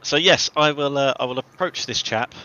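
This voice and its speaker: Playing a tabletop game, a man voices his character playfully and expressively, slipping in and out of character. His voice is medium-pitched, sharp and at normal speed, and the audio sounds dull.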